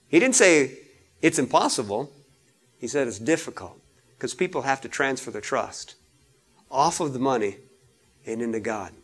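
A male pastor preaching a sermon, chatting with his congregation and rising loud when he reads scripture. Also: fairly high pitch. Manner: conversational preaching, rises loud on scripture readings.

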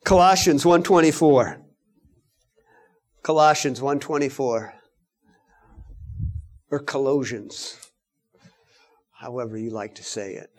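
A man preaching a sermon, animated, swinging between loud emphatic lines and hushed asides. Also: medium pitch, a little slow, pauses often.

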